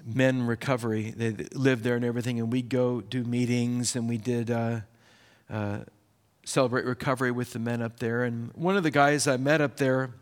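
A man preaching a sermon as pastor, in a lively, conversational way with quick bursts. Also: mid-range voice.

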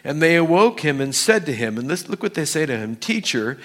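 Animated male preacher acting out quotes. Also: on the high side, brisk. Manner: animated, acts out quoted voices. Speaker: pastor. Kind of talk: sermon.

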